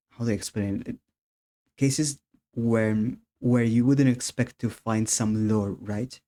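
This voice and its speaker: A man's voice: on the low side, warm tone. A man chatting casually while streaming a game, laughing often and restarting his sentences.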